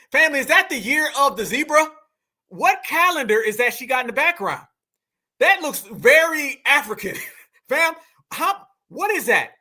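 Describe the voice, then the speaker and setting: A livestream host with a very high-pitched, bright, forceful voice reacts to a clip on a casual stream. He mocks and teases his audience, addressing the chat directly.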